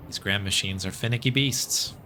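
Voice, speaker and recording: A man reading the lines of a gruff, busy woman engineer at a world's fair in a game, in his own plain voice. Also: on the low side, normal speed, sharp tone, slight background noise. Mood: grumbling. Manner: grumbling, brusque, read in his own voice.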